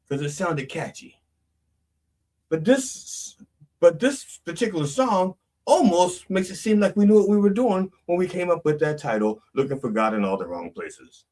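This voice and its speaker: Male reverend host, comedic sermon, rambling and self-correcting, very animated pitch, sitting off-mic. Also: recorded from a distance.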